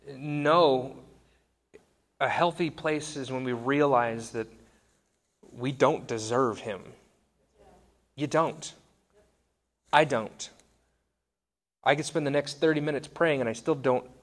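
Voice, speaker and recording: A man's voice: mid-range voice, takes it slowly, pauses often. A man in his thirties giving a conversational sermon, wry and self-deprecating. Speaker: pastor.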